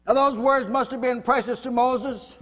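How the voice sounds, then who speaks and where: Fervent high-voiced male preacher, echoey. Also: steady tone, normal speed. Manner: fervent, rises loud when voicing God and Moses. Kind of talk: sermon. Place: house church meeting room.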